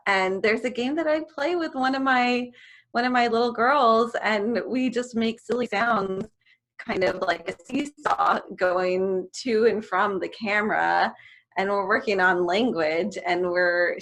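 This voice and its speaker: Laughing, animated woman on a video call. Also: mid-range voice. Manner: animated, laughs often while talking. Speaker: music therapist guest. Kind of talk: casual interview chat.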